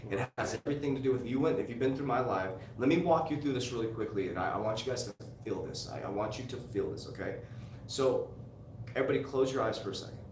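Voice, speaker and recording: A man's voice: medium pitch, lively intonation, fast talker, few pauses. A man who is a motivational coach and host, talking in an emphatic, repetitive storytelling manner on a podcast. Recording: echoey room, distant mic, background noise.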